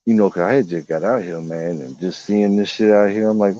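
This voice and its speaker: A man's voice: fairly low pitch, fairly quick, hardly any pauses, mellow, dry recording, highs cut off. A man vlogging outdoors in the woods, telling rambling, profane stories and putting on voices for animals. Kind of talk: casual storytelling vlog.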